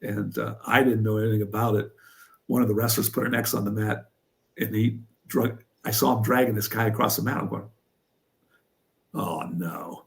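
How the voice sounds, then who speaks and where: An older man from Pennsylvania, a former wrestler and coach, telling stories in an interview with lively energy. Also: fairly low pitch, a little fast. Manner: animated storyteller who acts out what others said. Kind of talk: storytelling in an interview.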